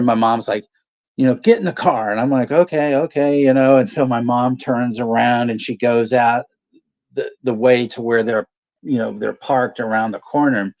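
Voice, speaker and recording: A man's voice: medium pitch, darkish tone. A man hosting a casual livestream chat, rambling through a story, swearing and laughing often. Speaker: channel host. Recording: dull lo-fi stream audio.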